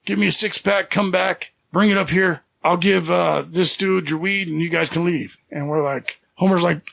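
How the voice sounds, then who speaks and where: A man's voice: fairly high pitch, steady tone, moderate pace, creaky, a bit bright. A middle-aged man from the San Francisco Bay Area, a podcast guest telling rambling, self-deprecating stories in casual chat and acting out what people said. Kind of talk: casual storytelling.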